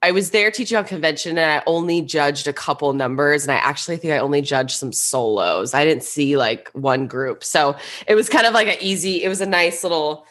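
Upbeat woman co-host with a deep voice. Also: animated, fairly quick, hardly any pauses, fairly bright tone. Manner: upbeat, gushing. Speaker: podcast co-host. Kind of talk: casual chat.

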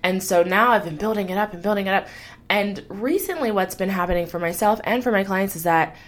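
Hosting her own life-coaching show, this woman speaks fairly quickly in a medium pitch. It's a motivational podcast monologue, upbeat and chatty, encouraging and warmly enthusiastic, with lots of laughter.

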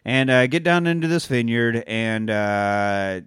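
A man co-hosting a podcast, recapping a movie in casual, profane chat and acting out the characters' lines in quick put-on voices. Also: medium pitch, lively intonation, fairly bright tone, clean tone, dry recording, studio quality. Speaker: podcast co-host.

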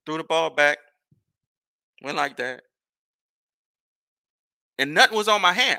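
Gravelly, animated New man. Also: a little high, unhurried, long pauses, no room sound, clean studio sound. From New Orleans. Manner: rambling, animated, profane storytelling. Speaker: podcast host. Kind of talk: casual storytelling.

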